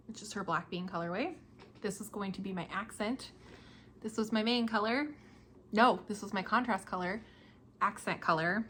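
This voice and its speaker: A woman's voice: mid-range voice, fairly bright tone, a little hiss or hum. A young woman hosting a casual podcast, chatting about her projects in a chatty, self-deprecating way and laughing often. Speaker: podcast host.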